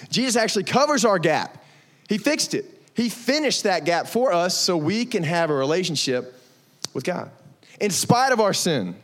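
A young man preaching a lively, conversational sermon to middle schoolers, acting out quotes and saying y'all. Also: high-pitched. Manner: animated, conversational, says y'all, acts out quotes. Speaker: youth pastor. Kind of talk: youth sermon.

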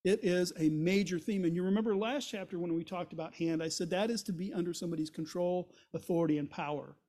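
A man's voice: high voice, quick pace, darkish tone. A man teaching through a Bible chapter as a pastor, retelling the story and paraphrasing the characters' words in everyday speech.

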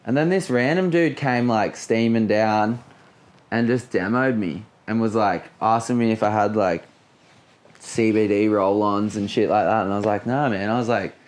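A man's voice: on the low side, normal speed. A man in his late twenties with an Australian accent, a guest surfer telling a story in a casual, laid-back way, full of swearing and filler words.

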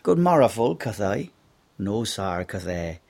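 A man's voice: on the low side, sing-song, a little slow, vocal fry, a little mellow, voice pushed up, heavily acted. An actor reciting verse as a melancholy male courtier who mocks a fool, in a theatrical stage manner with a Shakespearean original-pronunciation accent. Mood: wry, theatrical.

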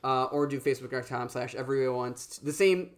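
A man's voice: medium pitch, fairly quick. A man co-hosting a casual podcast, laid-back and dry as he closes the show. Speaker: podcast co-host.

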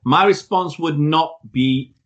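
A man's voice: fairly high pitch, slow pace, lo-fi sound. A man, a podcast co-host, giving blunt and outspoken opinions in a casual football chat.

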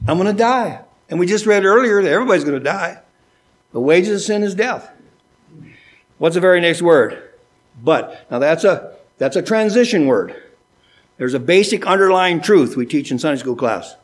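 Folksy preacher acting out dialogues. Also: male voice. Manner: folksy, acts out dialogues with changing pitch. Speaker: pastor. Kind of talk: sermon. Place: church sanctuary.

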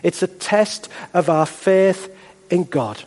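A male pastor preaching a sermon in a measured, emphatic style with rhetorical repetition. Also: high-pitched, expressive, a little mellow. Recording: long hall reverb.

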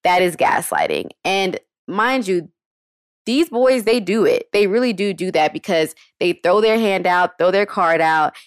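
Young female podcast host; blunt, casual, curses freely, low-set voice, dry booth sound. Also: sing-song, a little slow, dry recording. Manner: frank and slangy, curses casually. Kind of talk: casual advice podcast talk.

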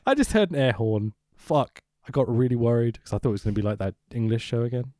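On a relaxed podcast going over a wrestling show, a male co-host cracks jokes, laughs often and reads aloud from notes. He talks fast in a medium-pitched, slightly mellow voice, and the studio sound is clean with no echo.

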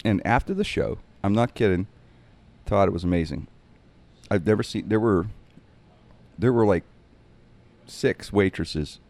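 A man's voice: lowish voice, measured pace, pauses often. A man telling a funny road-trip story in casual chat, acting out the other people's voices. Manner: animated, acts out quoted voices.

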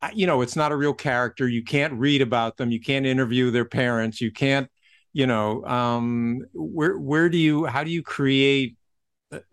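A man hosting an interview who asks long, halting questions with frequent restarts. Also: mid-range voice, smooth, no room sound. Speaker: podcast host. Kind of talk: casual interview chat.

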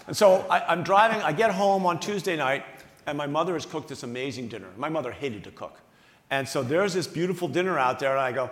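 An animated, self-mocking man in his sixties from the Philadelphia area, spinning a story for a luncheon crowd. His voice sits somewhat high. He was recorded in a big banquet hall with a long, roomy echo. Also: fast. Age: 60s. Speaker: guest speaker. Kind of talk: anecdotal storytelling on stage. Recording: echoey hall with long reverb.

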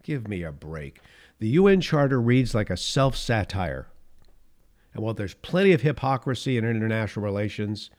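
Very animated, fairly low and darkish, the host's voice moves at a normal speed. The middle-aged man runs a political commentary podcast with a sarcastic edge, flaring up before reining himself in and chuckling at the points he makes.

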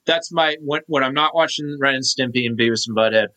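A man in his thirties co-hosts a podcast, rambling through casual chat full of fillers and restarts. His mid-range voice is fairly quick, pushed and bright, and the audio is poor.

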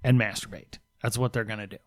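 A man's voice: fairly low pitch, steady tone, fast, no room sound. A man co-hosting a podcast in casual political chat, blunt, sarcastic and emphatic. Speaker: podcast co-host.

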